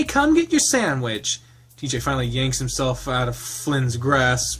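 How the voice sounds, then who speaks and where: A man's voice: mid-range voice, fairly bright tone. A man reading a visual novel aloud and commenting on it casually, laughing and rambling into asides. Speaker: game streamer.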